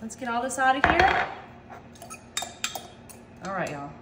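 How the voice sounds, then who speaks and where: A woman's voice: on the high side, big pitch swings, measured pace, echoey room, heavy background noise. A woman, chatting in an upbeat, casual way as she cooks in her home kitchen. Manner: chatty, upbeat, says "y'all" constantly. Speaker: home cook. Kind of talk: casual cooking video.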